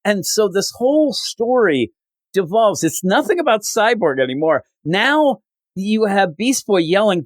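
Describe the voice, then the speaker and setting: Lively man recapping comics. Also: high voice, measured pace, dry recording. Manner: animated storytelling, acting out quotes. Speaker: podcast host. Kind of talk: casual comic review recap.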